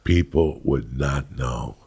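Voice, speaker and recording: A middle-aged man from New Jersey, a comedian host telling loud, crude, rambling stories in casual chat. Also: very deep voice, slow. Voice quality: gravelly. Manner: loud, rambling and crude, breaking into acted quotes. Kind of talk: profane storytelling chat.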